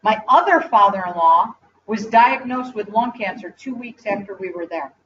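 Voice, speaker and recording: A woman in her forties giving a motivational speech to an audience, animated, telling stories and asking the room questions. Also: medium pitch, moderate pace, a little hiss or hum. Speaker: speaker at a company event. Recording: distant, dull lo-fi live recording.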